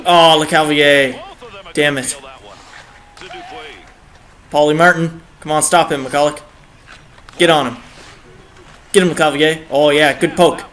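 A young man giving excitable live commentary on his own video game match, groaning and cheering at each play, his throat a bit dry. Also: fairly high pitch, measured pace, long pauses. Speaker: gaming channel host.

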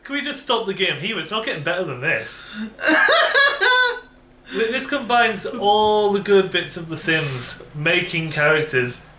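A man's voice: high-pitched, big pitch swings, slow. A man commentating a video game in casual banter, laughing often and joking in silly voices. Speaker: gameplay commentator. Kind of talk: casual let's-play banter. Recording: echoey room with noise.

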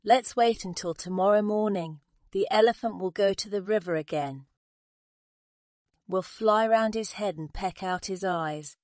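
A woman voicing a grieving, angry mother bird who talks high and slow, pleading and indignant. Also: a little mellow, no room sound, studio quality, close to an everyday voice. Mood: determined.

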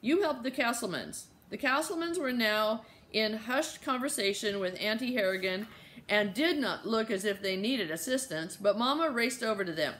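A woman narrating a children's novel with lively, storytelling delivery. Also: on the high side, moderate pace. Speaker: audiobook narrator. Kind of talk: scripted narration.

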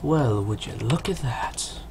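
A man's voice: animated, takes it slowly, vocal fry. A young man giving a rambling, self-deprecating, casual let's-play commentary from his computer at home, on a cheap mic. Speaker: gaming channel host. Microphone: cheap desktop mic near keyboard. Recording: noisy low-budget home recording.

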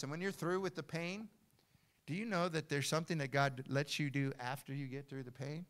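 An older man preaching a sermon as pastor in a church, swinging from hushed storytelling to loud declarations. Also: fairly high pitch, brisk. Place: church hall.

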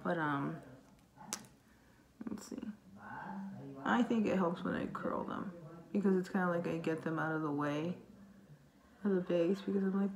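A woman's voice: fairly low pitch, unhurried, long pauses, dull audio, crowd noise. A young woman chatting casually through a makeup tutorial, rambling and talking to herself as she works. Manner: chatty, rambling, talks to herself while working. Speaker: beauty vlogger.

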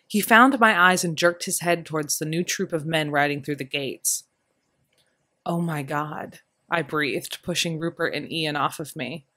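A woman narrating a historical romance audiobook in a measured first-person reading. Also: low-pitched, sharp tone. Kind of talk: scripted narration.

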